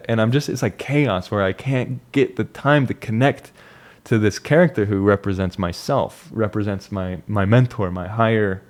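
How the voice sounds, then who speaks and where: Young man, slightly low voice; loose, reflective monologue with frequent restarts. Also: normal speed, a little mellow. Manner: reflective, rambling with restarts and fillers. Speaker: vlogger. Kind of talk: casual personal monologue.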